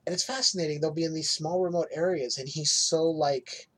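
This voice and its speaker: A man chats loosely as a podcast host, his voice a touch husky. He talks bluntly and swears freely, cracking crude jokes. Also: a little high, steady tone, brisk, a bit bright. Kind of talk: casual chat.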